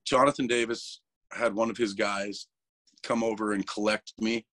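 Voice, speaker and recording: A man's voice: on the low side, steady tone, moderate pace, fairly bright tone, no room sound. A man speaking as an interview guest, talking candidly and emotionally, swearing freely and restarting his words. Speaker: interview guest, metal vocalist.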